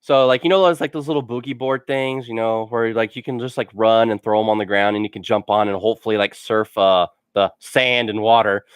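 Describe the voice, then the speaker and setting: A man's voice: fairly low pitch, steady tone, a little fast, hardly any pauses, clear, resonant tone, no room sound. A man telling funny stories for a casual vlog. He rambles and fills his sentences with "like", and laughs at his own stories. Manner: rambling, full of "like" fillers. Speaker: gaming channel host.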